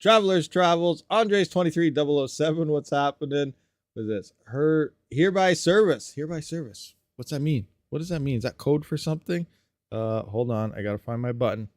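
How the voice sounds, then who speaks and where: A man's voice: fairly high pitch, lively intonation, a little fast, darkish tone, no echo, clean studio sound. A man hosting a casual live stream, chatty and joking, greeting viewers by name from a desk mic at his workstation. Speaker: livestream host.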